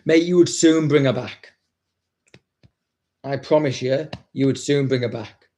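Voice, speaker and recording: A man's voice: mid-range voice, unhurried, mellow. A man, a dog trainer, chatting casually, blunt and swearing freely. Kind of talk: casual chat.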